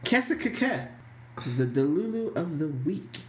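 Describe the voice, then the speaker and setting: Woman, soap recap co-host, chatty and sassy, lower voice, roomy echo. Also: unhurried. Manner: animated, laughing, sassy storytelling. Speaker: podcast co-host. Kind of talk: casual soap recap chat.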